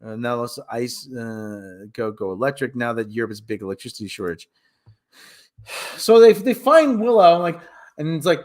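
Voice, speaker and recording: Man, podcast host, casual comedic chat, riffing, very animated pitch. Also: normal speed. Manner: riffing, mocking voices of characters.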